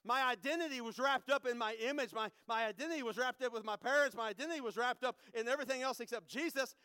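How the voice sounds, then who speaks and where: A middle-aged man, preaching a personal testimony, swinging from hushed to loud and repeating phrases. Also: very high voice, fast, smooth, no echo. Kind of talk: sermon testimony.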